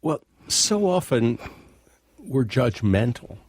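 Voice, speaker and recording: A man's voice: mid-range voice, very animated, slow pace, darkish tone, slightly rough, dry recording, clean studio sound. A man hosting a radio interview, asking thoughtful questions. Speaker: radio show host.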